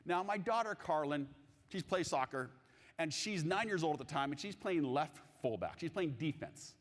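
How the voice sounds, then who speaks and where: A man giving a live conference keynote on coaching, animated and jokey, asking the audience questions. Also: fairly high pitch, normal speed. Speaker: keynote speaker on sales coaching. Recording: long hall reverb.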